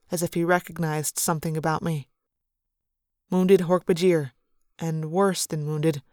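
A woman's voice: lowish voice, no room sound, studio quality. A woman reading a sci-fi novel aloud in first person, narrating with dramatic, vivid storytelling. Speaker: audiobook narrator.

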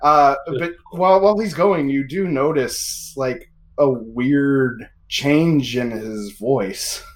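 A man's voice: medium pitch, takes it slowly. A man running a tabletop game as game master, wry and laughing as he reads out dice rolls.

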